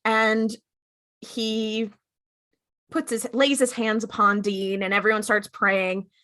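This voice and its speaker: Bright-voiced woman podcast co-host. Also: medium pitch, takes it slowly. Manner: animated, acts out characters' lines while retelling. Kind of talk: casual recap chat.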